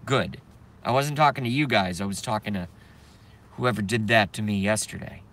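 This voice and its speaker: A man's voice: lowish voice, fairly quick, fairly bright tone. A man ranting to viewers on a live stream from his parked car, swearing and agitated.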